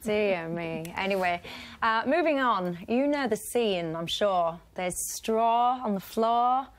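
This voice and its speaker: A woman's voice: mid-range voice, animated, slow pace, slight background noise. A woman from Hull with a northern English accent, a debate show panellist chatting in a casual, self-mocking way. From Hull, England.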